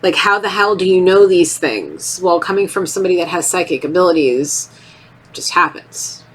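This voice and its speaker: A woman's voice: fairly low pitch, moderate pace, slightly rough. Rambling woman giving a tarot reading. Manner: rambling, animated, acts out voices. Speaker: tarot reader. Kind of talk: casual tarot reading monologue.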